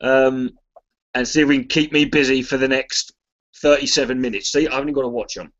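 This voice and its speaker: A man's voice: medium pitch, fairly even intonation, fast talker, a bit bright. An Englishman chatting casually to a live stream audience, rambling, restarting his sentences and swearing freely. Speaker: charity livestream contributor. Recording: slightly muffled lo-fi stream audio.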